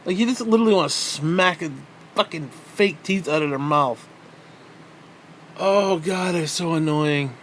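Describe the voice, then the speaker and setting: A man's voice: fairly high pitch, measured pace, fairly bright tone, slight background noise. A man hosting a podcast, ranting angrily and bitterly with lots of swearing. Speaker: podcast host. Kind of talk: angry profane rant.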